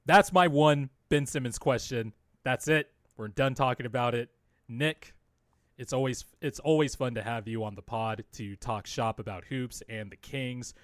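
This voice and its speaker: A man hosting a casual sports podcast, with a mid-pitched voice recorded dry and close. He rambles through his points, restarts his sentences and laughs between thoughts. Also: moderate pace, no echo. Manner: rambling, laughs often, trails off. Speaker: podcast host. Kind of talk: casual basketball podcast chat.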